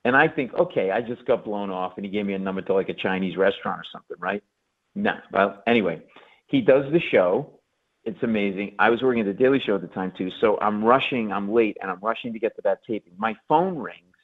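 A man's voice: lowish voice, fast talker. A male comedian telling a story animatedly in a radio interview, acting out quotes and stammers. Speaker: guest comedian. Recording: tinny phone-line audio.

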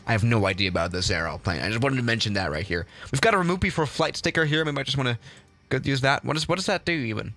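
A man's voice: medium pitch, animated, fast talker, pushed and bright, no room sound, soft background music. A man streaming a flight sim, chatting casually to viewers in a rambling way full of fillers and restarts. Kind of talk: casual live gameplay commentary.

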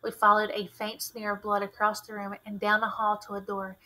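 A woman teacher reading a novel aloud with expressive, fluent narration. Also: mid-range voice, brisk, low-quality recording.

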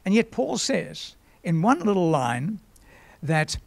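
An older man from South Africa preaching a sermon as pastor, telling a long story and often clearing his throat. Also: high voice, big pitch swings, takes it slowly, no room sound.

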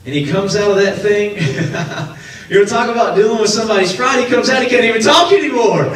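High, animated preacher in an echoey church. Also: male voice, fairly quick, far from the mic. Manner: animated, acts out quoted voices, laughs often. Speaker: pastor. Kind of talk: sermon. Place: church sanctuary. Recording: echoey hall, preacher off-mic, faint noise.

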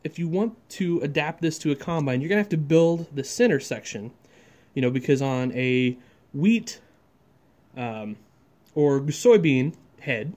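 A man casually reviewing a farm toy model, chatty and enthusiastic, rambling and correcting himself as he goes. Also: a little high. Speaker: scale model reviewer, channel host.

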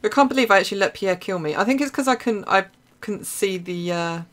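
A young woman with an Essex accent streams herself playing a game, keeping up a loose, chatty running commentary. She reacts quickly with sudden exclamations and laughs in between her remarks. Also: medium pitch, expressive, fairly bright tone. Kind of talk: live gameplay commentary.

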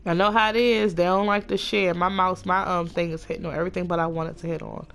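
A woman chatting casually through a life-sim game, gushing over her characters and voicing them in quick asides. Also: fairly low pitch, little pitch movement, a bit bright, clean tone, faint music behind. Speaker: Sims let's play narrator. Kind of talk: casual gameplay commentary.

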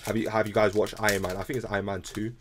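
A young man, chatting casually to viewers while opening trading cards, excitable and full of slang. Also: lowish voice, very fast, a little hiss or hum. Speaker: card-opening video host. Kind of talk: casual card-opening commentary. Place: room at home. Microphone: laptop camera.

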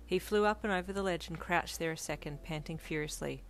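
A woman narrating her own fanfiction in a steady, gentle storytelling voice. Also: fairly low pitch, fairly quick, soft background music. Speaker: fanfiction reader. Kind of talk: scripted narration.

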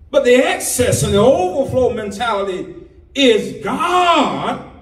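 A man preaches in a church sanctuary, his high voice leaping up into shouts and falling back to near-whispered asides. He takes his time over each phrase. The sound is roomy and distant, picked up by a mic set well away from him. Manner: preaching with rising shouts and dropping to quiet asides. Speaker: pastor. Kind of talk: sermon at an evening Bible study.

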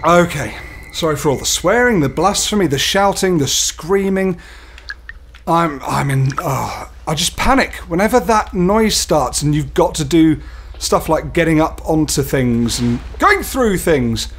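A man's voice: fairly high pitch, lively intonation, unhurried, slight background noise. A man giving horror game commentary, muttering to himself and swearing freely. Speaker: gaming YouTuber. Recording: game music playing under the voice.

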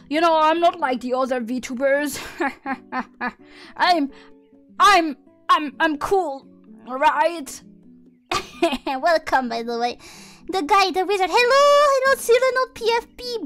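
A woman's voice: high-pitched, fairly bright tone. A woman streaming as a VTuber, chatting casually with viewers in a giggly, exuberant and playfully crude way. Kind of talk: casual livestream chat with viewers.

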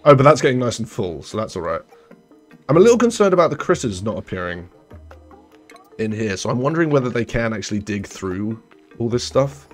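A man's voice: sing-song, brisk, faint music behind. Chatty young man streaming a game. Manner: chatty, rambling, self-correcting, trails off low. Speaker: gaming streamer. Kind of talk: casual let's-play commentary.

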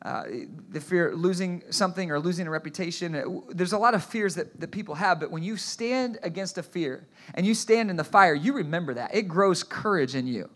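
Male pastor, sermon delivery, high bright voice, animated storyteller with frequent restarts. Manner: asks the congregation to repeat phrases.

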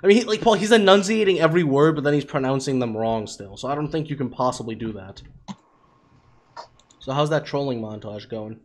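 A man's voice: medium pitch, brisk, a little hiss or hum. A man streaming an online shooter, talking in voice chat in a sarcastic, mocking and bossy way. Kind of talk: in-game voice chat.

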